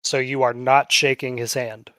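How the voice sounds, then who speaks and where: A man narrating a tabletop game as game master, casual and swearing freely, slowing down for dramatic moments. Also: mid-range voice, flat delivery, pushed and bright, no echo, studio quality.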